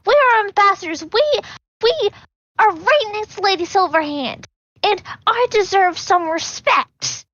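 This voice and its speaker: A woman's voice: extremely high pitch, lively intonation, a little slow, fairly bright tone, no room sound, exaggerated voice. A woman voicing a proud woman ambassador who firmly demands respect. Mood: indignant. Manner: indignant and firm. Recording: dull lo-fi sound.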